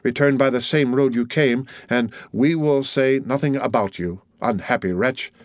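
A man's voice: mid-range voice, normal speed, no echo, lightly acted. A proud young woman, read by a male narrator, speaks coldly and scornfully. The audiobook sound is dry and close. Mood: cold scorn. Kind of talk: audiobook character voice.

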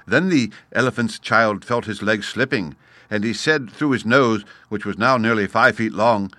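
A man reads a storybook aloud in a measured, expressive manner, turning now and then to address the listener. His voice sits a little low with a bright, forceful tone. The recording is close and dry. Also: no room sound.

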